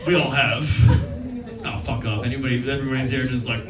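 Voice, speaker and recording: A man in his thirties from Newfoundland doing a fast, rambling, profane stand-up comedy set, often laughing at his own jokes. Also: medium pitch, fairly even intonation. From Newfoundland, Canada. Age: 30s. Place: comedy club stage. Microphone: stage microphone. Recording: roomy live club sound from a distance with loud crowd. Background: audience laughter.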